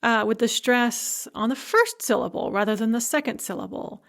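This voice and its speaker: A woman giving a recorded language lecture, explaining grammar patiently and slowing down to pronounce example words, with a touch of light humor. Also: fairly high pitch, a bit bright.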